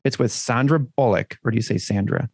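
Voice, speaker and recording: A man's voice: medium pitch, brisk, creaky, a little mellow, husky, no echo, clean studio sound. A man co-hosting a podcast in loose, joking banter, swearing freely as he chats. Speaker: podcast co-host.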